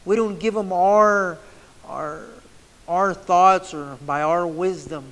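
High-voiced fervent preacher in a reverberant hall. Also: male voice, takes it slowly, a bit bright. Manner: fervent, repetitive, restarts mid-phrase. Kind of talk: sermon.

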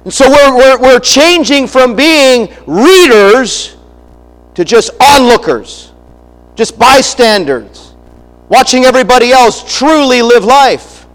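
A middle-aged man with a strikingly high voice delivers a sermon in a large hall, animated yet slow, his tone a little bright. He speaks emphatically in a preacher's rhythm, restarting phrases and tossing asides to his congregation. The recording is rough.

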